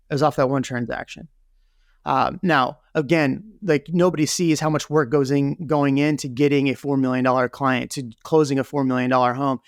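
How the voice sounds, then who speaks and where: Guy with a gravelly edge, candid story, says "you know" a lot, dry close mic. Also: mid-range voice, fairly even intonation, brisk, no room sound. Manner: candid, lots of fillers like "you know" and "right?". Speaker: real estate team leader, guest. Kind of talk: conversational interview storytelling.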